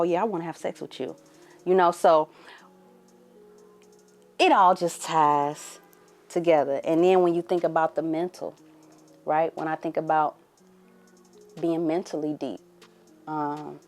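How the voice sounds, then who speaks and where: Candid young woman podcast host, low voice. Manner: candid, conversational, drifts into hushed murmurs. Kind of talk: casual emotional monologue to camera.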